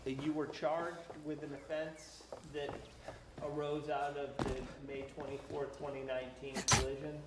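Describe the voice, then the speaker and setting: A man steps through a witness's questions, methodical and businesslike. His voice stays flat and even. The room echoes, and noise is clearly heard behind him. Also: a little high, unhurried. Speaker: examining attorney. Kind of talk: deposition questioning.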